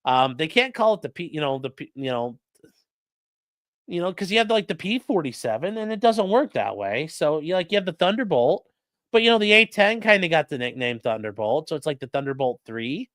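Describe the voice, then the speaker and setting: Guy streaming and reading chat, bouncy high-ish voice, swears a lot, rambles. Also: sing-song, a little fast, fairly bright tone, no echo. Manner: rambling, swears, lots of fillers. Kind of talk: casual live-stream chat.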